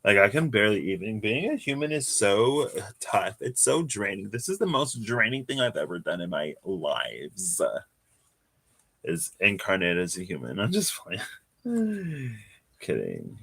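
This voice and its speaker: A man's voice: lowish voice, animated, normal speed, a bit bright. A man doing a casual live tarot reading, chatty and given to laughing and wandering off into asides. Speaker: tarot reader.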